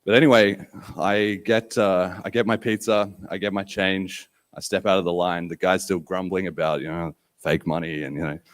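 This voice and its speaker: A man's voice: sits low, fairly even intonation, normal speed, no echo. A man hosting and emceeing a live conference, telling a casual story with fillers to a crowd. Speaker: podcast host and event MC. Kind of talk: live conference opening talk. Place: event stage before an audience.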